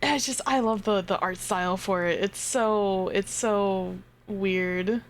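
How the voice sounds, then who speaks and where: A woman streaming a game live, chatting casually to her viewers, giggling and swearing as she gets excited. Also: medium pitch, takes it slowly.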